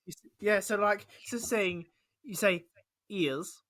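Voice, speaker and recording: A man's voice: high-pitched, fairly even intonation, normal speed, sharp tone. A man around twenty, hosting a podcast in casual chat, stumbling over repeated words and "like" fillers. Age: about 20. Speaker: podcast host.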